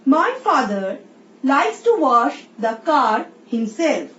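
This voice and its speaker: A woman teacher with an Indian English accent, slowly explaining a recorded English lesson and reading example sentences aloud. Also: high-pitched, sing-song, a bit bright. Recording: roomy, distant, dull sound with faint hiss.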